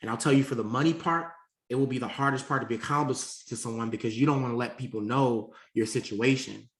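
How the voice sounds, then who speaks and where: A man's voice: mid-range voice, fast, reverberant. A man, a life coach, giving a motivational talk on changing habits, emphatic and repetitive, often checking in with "okay". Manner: emphatic, repeats points, frequent "okay" check-ins.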